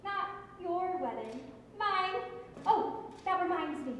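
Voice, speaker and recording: Sleepy grand diva chaperone, super high voice, far away on a boomy stage. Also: female voice, lively intonation, slow pace, slight background noise, exaggerated voice. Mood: languid. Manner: languid and grand, drowsy drawl. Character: tipsy, languid, vain female chaperone. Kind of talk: stage musical acting. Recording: echoey theatre stage, mics far off.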